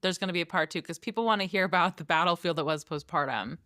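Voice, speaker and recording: Female podcast host, low pitch, fast delivery, frank and chatty. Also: fairly bright tone. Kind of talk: casual podcast chat.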